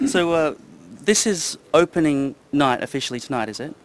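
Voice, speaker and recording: A man's voice: a little high, expressive, normal speed. A man interviewing a director, asking conversational, leading questions. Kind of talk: press interview.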